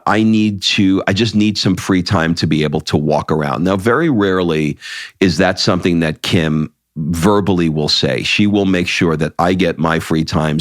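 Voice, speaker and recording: A middle-aged man with a very low voice talks in loose, candid podcast chat. He swears without a second thought and trips into restarts as he thinks aloud. The sound is close and dry, with no room around it. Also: dry recording. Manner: blunt and candid, swears freely, often restarts his sentences. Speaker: podcast co-host. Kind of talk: casual chat.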